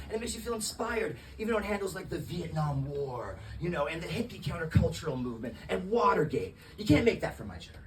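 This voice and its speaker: A man's voice: sits high, distant mic, slight background noise. A young man performing a stand-up comedy set, casual and stammering, often laughing at his own jokes. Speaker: opening stand-up comic. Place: comedy club stage.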